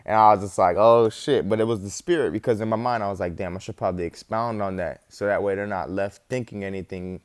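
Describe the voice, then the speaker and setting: Low-voiced man giving a rambling testimony. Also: fairly even intonation, fast talker, few pauses, clean tone, no echo, studio quality. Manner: rambling, slangy, full of fillers and mild swearing. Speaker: religious testimony speaker. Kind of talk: casual spoken testimony.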